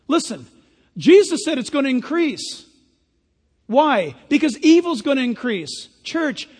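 A man's voice: very high voice, big-room sound. A man preaching a sermon as pastor, emphatic with sarcastic asides.

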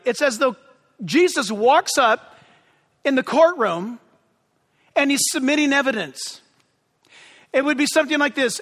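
Impassioned high-voiced male preacher. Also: in a large hall. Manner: impassioned, yelling with excitement. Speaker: pastor. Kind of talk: sermon.

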